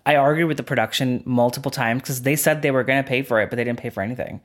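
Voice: medium pitch, very fast. A drag queen and former contestant speaking as a podcast guest, candid and blunt and swearing freely as stories are told. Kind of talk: casual podcast chat.

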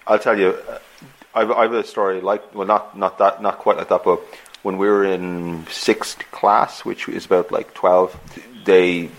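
A man's voice: low-pitched, little pitch movement, a little slow, slight background noise, rough recording. An Irish man hosting a podcast over a remote call, rambling through anecdotes and restarting sentences with "like". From Ireland. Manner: rambling storyteller, restarts often with "like". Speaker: podcast host. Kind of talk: casual chat.

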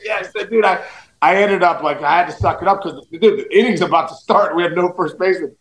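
A man co-hosting a baseball podcast from home, telling a playing-days story in a loud, animated way and leaning hard on "dude" and "bro". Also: high voice, fairly quick, roomy sound, a crowd in the background, low-quality recording. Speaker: podcast co-host, former pro baseball player. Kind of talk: casual sports chat, storytelling.

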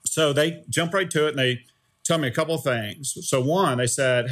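A middle-aged man, a former startup CEO, tells a story in an animated, conversational interview and keeps checking in with "right?". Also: on the high side, moderate pace.

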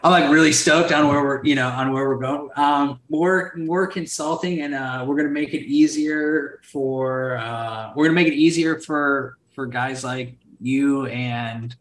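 A man's voice: mid-range voice, steady tone, measured pace, hardly any pauses, a bit bright. A man talking as a podcast guest in casual chat, loose and rambling, full of fillers and swearing. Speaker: podcast guest, solar sales entrepreneur. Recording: roomy echo.

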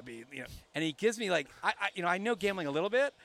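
A middle-aged man hosting a podcast, telling stories in a lively, casual way and laughing often. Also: sits high, rapid-fire. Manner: animated storyteller, laughs often. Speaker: podcast host. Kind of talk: casual chat.

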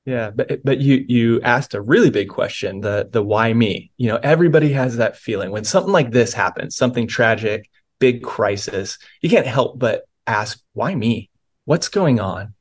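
A middle-aged pastor talks through his testimony with earnest warmth, often restarting a phrase as he thinks. His voice sits at an ordinary man's pitch. He speaks as a guest in a reflective conversation. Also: moderate pace. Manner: earnest, many small restarts.

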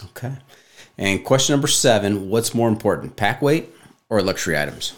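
Podcast host guy, pretty low voice, goofs around between questions. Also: sing-song, normal speed. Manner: playful, jokey. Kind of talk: casual podcast interview.

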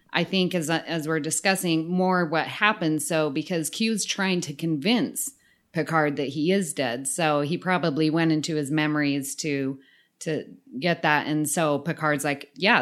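A woman's voice: deep voice, fairly bright tone. A woman co-hosting a podcast, talking casually and with amusement, leading the discussion. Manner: slow, chatty, amused. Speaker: podcast co-host.

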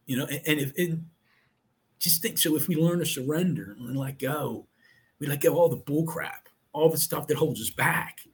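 A man's voice: on the high side, moderate pace, slightly rough. A middle-aged man telling a personal story as an interview guest, earnest and emotional, often quoting what others said. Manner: earnest and emotional, retelling with quoted dialogue.

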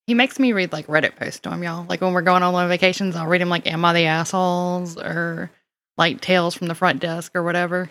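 Southern woman co-host, low-pitched and chatty, self-deprecating, dry close mic. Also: steady tone, fairly quick, creaky, a bit bright, no echo. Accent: Southern US (Mississippi). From Mississippi. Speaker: podcast co-host and storyteller. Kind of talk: casual chat.

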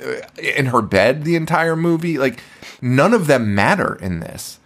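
A man's voice: medium pitch, expressive, a little slow, fairly bright tone. A young man co-hosting a horror movie podcast, chatting casually, swearing a lot and laughing as he acts out lines from the film. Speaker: podcast co-host. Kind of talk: casual chat.

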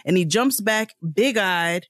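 A woman co-hosting a book club chat, telling a story in an animated way, swearing and acting out her own lines loudly. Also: mid-range voice, takes it slowly, no room sound, clean studio sound. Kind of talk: casual storytelling.

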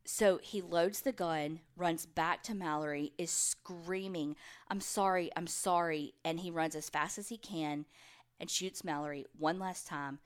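Low-voiced woman telling a true crime story. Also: steady tone, a little slow, clean tone. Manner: retells the case and voices quoted people in brief bits. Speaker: podcast co-host.

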